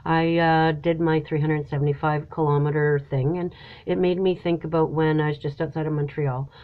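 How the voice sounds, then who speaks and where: A woman's voice: sits low, level tone, normal speed. A middle-aged woman hosting her own show, chatting through a personal story and acting out what everyone said. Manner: chatty, retells dialogue with lots of "I said". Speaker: host. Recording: dull lo-fi recording.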